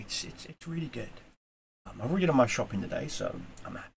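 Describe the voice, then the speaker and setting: A man talking straight to camera in a casual motivational vlog, earnest and rambling, moving from quiet reflection to emphatic urging. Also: medium pitch, sing-song, fast, vocal fry, a little hiss or hum. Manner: earnest, rambling, with fillers and repeats. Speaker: YouTuber.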